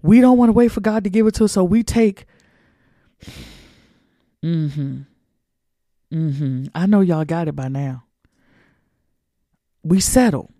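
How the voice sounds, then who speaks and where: A man with a notably high, mellow voice preaches to his listeners in a dry, close-miked sound. He talks in a colloquial, emphatic way, repeating phrases for effect. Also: animated, slow, long pauses, no echo. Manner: emphatic, colloquial, repetitive street-preacher cadence. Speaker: podcast host. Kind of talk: preaching monologue.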